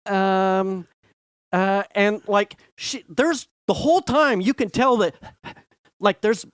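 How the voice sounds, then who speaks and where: A middle-aged man co-hosting a podcast, telling a rambling, animated story in casual chat and acting out quotes. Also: sits high, takes it slowly, clear, resonant tone, dry recording, studio quality. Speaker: podcast co-host.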